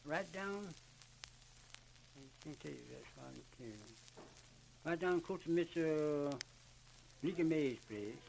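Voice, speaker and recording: An older man with a Southern US accent, talking in a rambling, repetitive, halting way as he recounts his memories for an oral history. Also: a little high, animated, vocal fry, darkish tone. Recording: noisy old archival recording.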